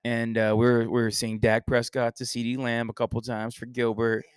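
Guy hosting a sports podcast, jokey rambling banter, mid pitch, dry sound. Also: monotone, a little fast, smooth, no echo. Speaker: podcast host. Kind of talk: casual sports chat. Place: Texas.

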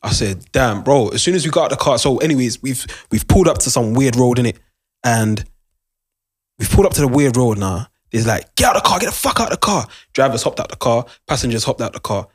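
A young man tells a story in a relaxed chat, talking fast and throwing in a lot of slang. His voice is husky. His delivery is animated, and he keeps checking that his listeners follow along. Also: mid-range voice. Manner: animated, repeats "do you understand", London slang.

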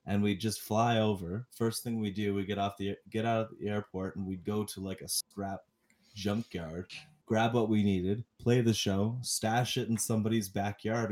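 Male co-host, low-ish register, rambling, giggly, profane. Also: a little mellow. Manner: rambling, laughing, lots of fillers and swearing. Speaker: podcast co-host. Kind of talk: casual chat.

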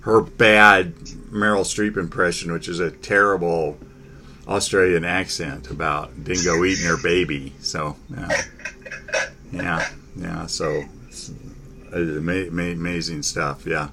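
A man hosting a casual sports talk chat, halting, with many fillers and restarts. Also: low-pitched, fairly even intonation, noisy background.

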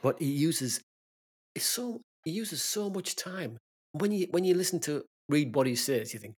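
A man co-hosting a podcast in casual chat, chatty and friendly and quick to laugh. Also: on the high side, animated, a little mellow, slightly rough. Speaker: podcast co-host.

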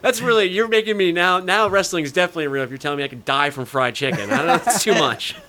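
A young man co-hosting a casual wrestling podcast, joking and bantering quickly. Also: high voice, pushed and bright. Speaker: podcast co-host.

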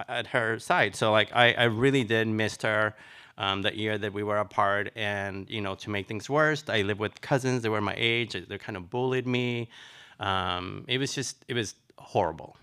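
A middle-aged man from Nicaragua telling his life story in an interview, chatty and animated, with lots of fillers. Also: lowish voice. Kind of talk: personal storytelling.

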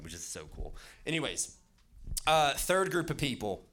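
A man preaching a casual sermon, talking in an animated way with lots of fillers. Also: medium pitch, normal speed, slight background noise. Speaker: youth pastor. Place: church hall with an audience.

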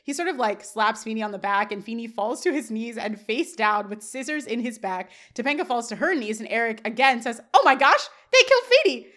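A woman's voice: fairly high pitch, fairly quick, hardly any pauses, a bit bright. A woman co-hosting a podcast, recapping a sitcom episode scene by scene and laughing often. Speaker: podcast co-host. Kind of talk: casual recap chat.

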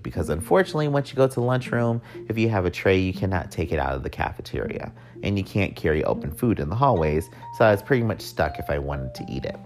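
A man's voice: sits low, sing-song, fast, few pauses, darkish tone, faint music behind. A young man telling a personal story in a candid, profane way, with wry joking asides.

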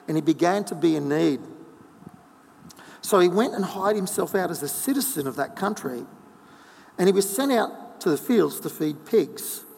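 Gravelly preacher in a hall. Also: male voice, fairly high pitch. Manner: conversational storytelling with asides. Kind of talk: sermon. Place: church hall. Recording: long hall reverb.

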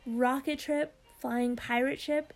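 A woman's voice: high voice, steady tone, slow, gravelly, soft background music, full character voice. A woman reading aloud as a feisty, stubborn little male leprechaun with old-fashioned phrasing. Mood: indignant.

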